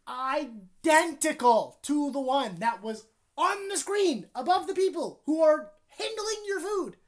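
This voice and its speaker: Young woman, co-host, profane animated storyteller, slightly high voice. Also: unhurried. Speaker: podcast co-host. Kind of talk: casual chat.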